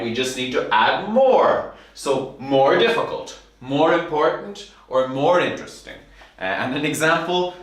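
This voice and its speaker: Teacher spelling words in an echoey classroom. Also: male voice, medium pitch, fairly bright tone. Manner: spells words out letter by letter, repeats examples slowly. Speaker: English teacher. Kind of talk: classroom grammar lesson. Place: classroom with whiteboard. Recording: echoey room, mic far off.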